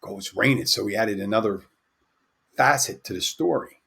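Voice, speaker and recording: A man's voice: on the low side, fairly quick, vocal fry, a bit bright, breathy edge. A man hosting a podcast, casually telling a bar anecdote and acting out the other people's lines. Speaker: podcast host and bartender. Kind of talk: casual storytelling.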